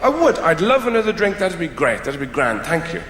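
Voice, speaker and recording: An Irish man doing stand-up comedy, wry and rambling, shifting between mumbled asides and loud outbursts. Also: fairly high pitch, very animated, fairly quick, slight background noise. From Ireland. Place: theatre stage before a live audience. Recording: roomy hall with long reverb.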